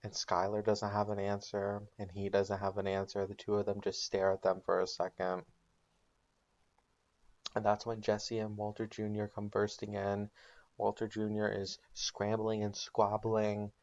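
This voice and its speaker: Flat-voiced man narrating a made-up recap. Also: lowish voice, a little slow, muffled recording. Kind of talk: comedic made-up plot recap.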